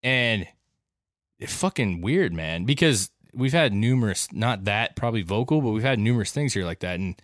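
A man's voice: on the low side, expressive, normal speed, dry recording, studio quality. A man co-hosting a podcast in laid-back, casual chat, swearing freely and calling everyone "man". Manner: laid-back, profane, says "man" often. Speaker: podcast co-host.

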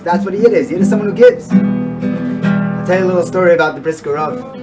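A man's voice: sits high, fairly quick. A man giving a storytelling sermon, mixing in Yiddish and Hebrew words. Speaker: rabbi giving a weekly Torah talk. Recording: from a distance, with loud guitar music.

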